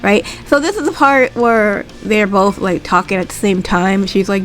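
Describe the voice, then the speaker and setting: A woman's voice: normal speed, few pauses. Chatty woman recapping wrestling, faint music behind. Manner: animated retelling, acts out quotes in a higher voice; chatty with frequent fillers and asides. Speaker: wrestling commentator recapping a show. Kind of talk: casual recap vlog.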